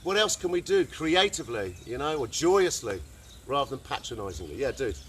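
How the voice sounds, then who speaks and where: A man giving an informal talk to a group, animated and slangy, often calling people man and dude. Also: mid-range voice, brisk, breathy edge. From England. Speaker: workshop speaker. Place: outdoor gathering in the countryside.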